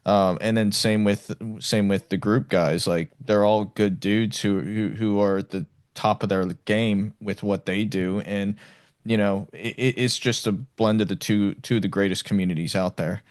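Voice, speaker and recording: A man's voice: on the low side, fairly even intonation, moderate pace, a little mellow, no room sound, clean studio sound. A man hosting a podcast, chatting casually in an easygoing, agreeable way and often repeating words. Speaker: podcast host.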